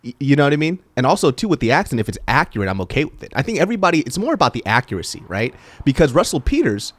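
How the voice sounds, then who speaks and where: A comedian from Sacramento, California, guests on a casual podcast chat, talking very fast at medium pitch with no room sound. He's animated and profane, swearing freely and laughing often.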